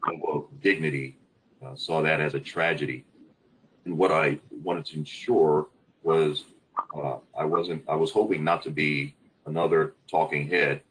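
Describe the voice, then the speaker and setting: A man who leads in the fire service, speaking on a webinar panel in a halting way, stopping often to search for words. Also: very deep voice, fairly bright tone, low-quality recording.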